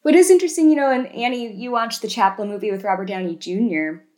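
A woman co-hosting a casual podcast, retelling film scenes in an animated way and tagging lots of questions. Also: a little high, fast talker. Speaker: podcast co-host.

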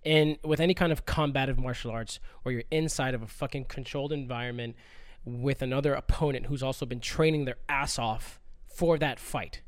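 A man talks in a casual podcast chat, cursing often as he tells a story and acts out the people in it. His voice sits at a middle pitch. The recording is dry and close, with little room sound. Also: fairly quick, few pauses, dry recording. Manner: profane, animated storytelling with acted quotes. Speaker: podcast guest.

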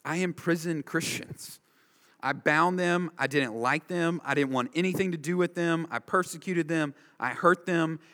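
Emphatic preacher in an echoing hall. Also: male voice, on the high side, moderate pace, sharp tone. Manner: emphatic, driving home points with repeated short phrases. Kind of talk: expository sermon. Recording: long reverb of a large hall.

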